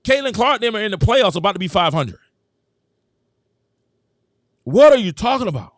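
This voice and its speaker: Animated man hosting a sports live stream. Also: sits high, normal speed, no echo, clean studio sound. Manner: animated, emphatic, thanks viewers, talks straight to chat. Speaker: host.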